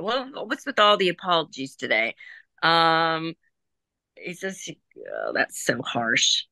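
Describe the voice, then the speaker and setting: A woman working as a psychic medium in a group reading, chatting casually, laughing and passing on messages in quick, informal speech. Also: low voice, wildly swooping pitch, sharp tone. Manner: chatty, laughing, relays messages in quoted voices.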